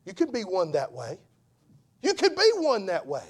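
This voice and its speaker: Impassioned preacher, high and swooping. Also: male voice, wildly swooping pitch, normal speed, husky. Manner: impassioned, swings from hushed to shouting; repeats phrases for emphasis. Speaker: evangelist preacher. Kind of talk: sermon.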